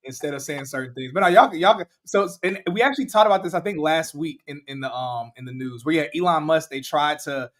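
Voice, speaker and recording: Male podcast host, lively and a bit high-voiced, acts out what people said. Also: fast, hardly any pauses. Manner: animated, laughing, acts out quotes. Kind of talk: casual podcast chat.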